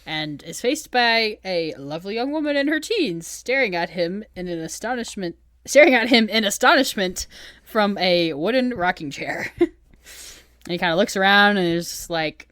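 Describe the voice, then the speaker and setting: A woman's voice: medium pitch, animated, moderate pace, fairly bright tone, no echo, studio quality. A woman co-hosting a podcast, retelling book chapters in a casual chat and laughing often. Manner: giggly, laughs often while retelling scenes. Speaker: podcast co-host.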